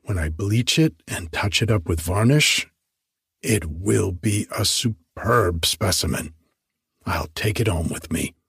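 A man voicing a boisterous young male medical student who mocks and teases loudly. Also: fairly low pitch, slow pace, breathy edge, no echo, studio quality, exaggerated voice. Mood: mocking. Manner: loud, mocking, excitable.

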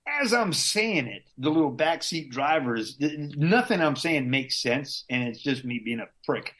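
A man's voice: on the high side, animated, unhurried, a bit bright. Laid-back slangy male veteran. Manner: laid-back, slangy, drops in curses and chuckles. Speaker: army veteran guest. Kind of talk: casual storytelling.

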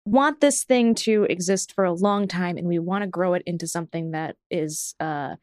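A woman co-hosting a podcast in casual chat, frank and quick to laugh, swearing freely. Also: fairly low pitch, darkish tone, dry recording, clean studio sound. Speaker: podcast co-host.

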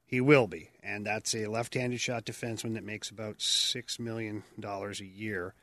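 A man co-hosting a casual sports podcast, a former pro hockey player telling stories with lively voices. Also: lowish voice, moderate pace, no room sound, clean studio sound. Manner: animated storyteller, acts out voices.

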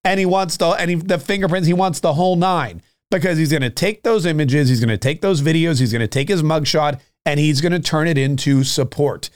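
Fired-up man, higher voice. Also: a little fast, few pauses. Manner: fired-up, repetitive, sarcastic. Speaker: political commentary host. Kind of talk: monologue.

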